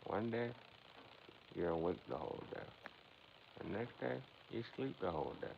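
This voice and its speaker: Gravelly low-voiced man on a livestream. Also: big pitch swings, moderate pace. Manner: rambling, philosophizing, addressing chat directly. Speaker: livestream host. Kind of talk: casual livestream chat. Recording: dull lo-fi sound with faint background noise.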